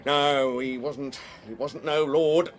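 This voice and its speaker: A man's voice: mid-range voice, steady tone, slow pace, natural voice. A man playing a chatty Victorian cabbie. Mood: jovial. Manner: gossipy, chuckling to himself. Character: chatty Victorian London cab driver, cheerful. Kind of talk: radio drama acting. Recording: faint background noise.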